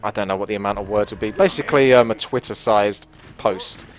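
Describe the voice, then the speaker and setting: A man's voice: on the low side, fairly quick. A man giving casual gameplay commentary, chatty and self-deprecating, often laughing at himself. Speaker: gaming commentator.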